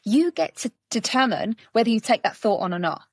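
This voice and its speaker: A woman coach in casual podcast conversation, animated and acting out little scenes as she explains. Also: fairly high pitch, a little fast, no room sound, clean studio sound. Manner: animated storytelling, acting out quotes. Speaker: guest coach.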